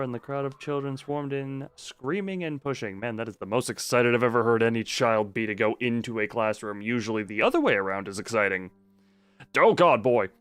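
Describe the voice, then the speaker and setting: A man's voice: mid-range voice, a bit bright, clear, resonant tone. Joking streamer man reading game text. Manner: reads game text aloud, breaking off for joking asides. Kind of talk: live gameplay stream, reading a visual novel aloud.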